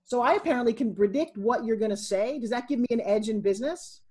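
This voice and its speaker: Husky, animated middle-aged woman. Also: on the high side, fast. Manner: animated storyteller, acting out quotes. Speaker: podcast guest, entrepreneur. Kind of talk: casual interview.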